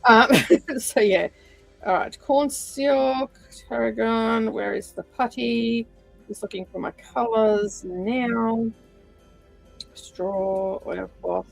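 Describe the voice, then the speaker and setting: A woman's voice: a little high, slow, vocal fry, faint music behind, low-quality recording. A woman hosting a stitch-along livestream, chatting casually with many fillers and drifting from the mic while she sorts threads.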